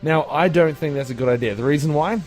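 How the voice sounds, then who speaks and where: A man's voice: on the high side, fast talker, a little mellow, soft background music. A man hosting a casual podcast, reading odd news headlines and laughing at his own bad dad jokes. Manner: jokey, tells groan-worthy dad jokes and laughs at them. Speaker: podcast host. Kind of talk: casual comedy podcast chat.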